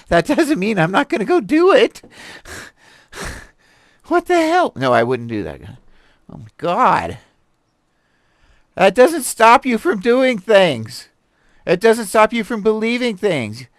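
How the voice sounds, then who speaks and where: A man's voice: high-pitched, dry recording, studio quality. Chatty man rambling over articles. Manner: rambling and animated, many fillers and laughs. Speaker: host reviewing articles. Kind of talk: casual commentary on a live stream. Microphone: desk mic with a stream deck.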